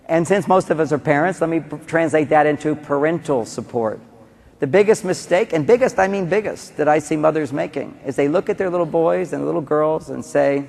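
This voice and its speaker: A man giving a conference talk on relationships, animated, acting out quotes and repeating key phrases. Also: on the high side, a little fast, vocal fry. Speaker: relationship seminar speaker. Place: large conference hall. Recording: long reverb of a conference hall.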